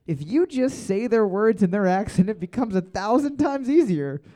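A man's voice: high-pitched, expressive, moderate pace, dark tone. A man hosting a bar trivia night, reading each question twice and joking between rounds. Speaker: trivia host.

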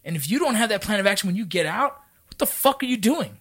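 A man's voice: high-pitched, lively intonation, fast talker, a bit bright, breathy edge. A man who is a military veteran, talking in a casual podcast conversation in a profane, emphatic, fired-up way.

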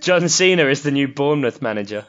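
A man's voice: mid-range voice, animated, fast talker, fairly bright tone. A man hosting a casual, jokey chat and leading the questions. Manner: jokey, puts on voices. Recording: slightly dull lo-fi sound.

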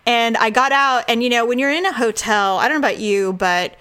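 Animated woman telling a story. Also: on the high side, brisk, smooth. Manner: animated, acts out quotes, laughs often. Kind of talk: casual storytelling chat.

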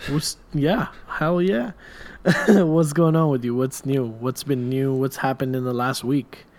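A man's voice: mid-range voice, a little slow, a little mellow. A man hosting a podcast in casual chat, stuffy from allergies, laid-back and profane. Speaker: podcast co-host.

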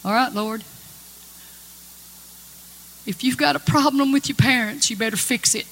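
A woman's voice: fairly high pitch, unhurried, a bit bright. A woman giving earnest, folksy spoken testimony to a congregation in a hall. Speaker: gospel singer giving testimony. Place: church or conference hall. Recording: long-reverb hall with music.

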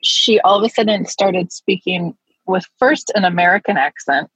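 Husky-voiced giggly woman telling a story. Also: on the low side, moderate pace, fairly bright tone, no echo, low-quality recording. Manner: giggly, rambling, many fillers. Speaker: podcast co-host. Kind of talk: casual chat, storytelling.

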